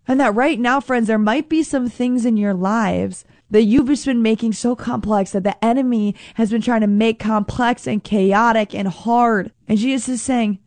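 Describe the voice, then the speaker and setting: A woman's voice: on the high side, normal speed, few pauses, a little mellow, dry recording. A woman preaching a casual sermon, reading scripture and then explaining it informally, calling her listeners friends.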